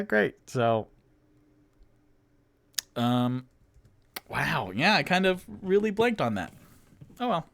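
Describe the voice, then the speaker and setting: A man's voice: on the high side, a bit bright, dry recording. A man narrating and running a tabletop roleplaying game on his own, chatty and self-deprecating with lots of fillers. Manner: chatty, many fillers, laughs at himself. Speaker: dungeon master and solo player.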